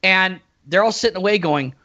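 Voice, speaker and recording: A man co-hosting a casual podcast, retelling scenes in an animated way and acting out the characters' lines. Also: sits high, a little fast. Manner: animated storyteller, acts out quotes. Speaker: podcast co-host.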